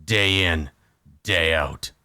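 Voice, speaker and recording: A man voicing a surly male orc prisoner who answers gruffly and with contempt in a tabletop game. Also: low-pitched, drawn-out words, sharp tone, pitched below the performer's own voice, full character voice. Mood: grumbling.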